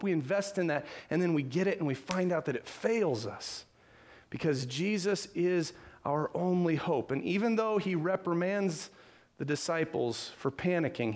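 Male pastor, slightly higher voice, earnest conversational sermon delivery. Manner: earnest, conversational preaching with rhetorical questions.

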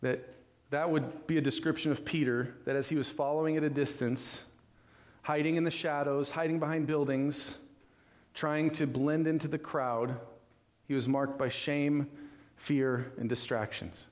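A male pastor from California delivers a sermon with lively storytelling. He slips in and out of character voices and keeps asking his listeners questions. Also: on the high side, a little slow. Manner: animated storytelling, acting out voices, rhetorical questions.

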